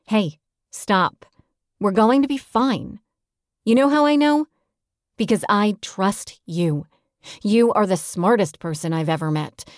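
A woman's voice: medium pitch, slow pace, long pauses, no echo, clean studio sound, natural voice. A woman narrator voicing a brash, fiery young woman singer who talks bluntly and teasingly. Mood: reassuring. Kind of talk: audiobook character voice.

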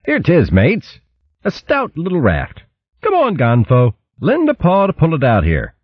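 A man's voice: on the high side, wildly swooping pitch, a little slow, breathy edge, dry recording, highs cut off, pitched above the performer's own voice, full character voice. A man voicing a brawny, cheerful female otter queen with hearty, folksy speech.

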